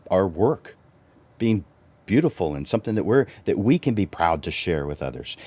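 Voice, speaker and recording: A middle-aged man hosting a livestreamed business coaching talk for photographers, animated and chuckling, his voice jumping up high for emphasis. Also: no echo. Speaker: host and photographer.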